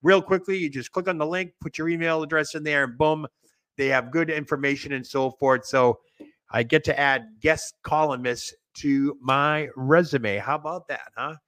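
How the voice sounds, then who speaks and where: Boston guy hosting a show, high bright voice, rambles with lots of energy. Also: fairly even intonation, moderate pace, no room sound. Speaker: podcast host. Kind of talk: casual show chat and plugs.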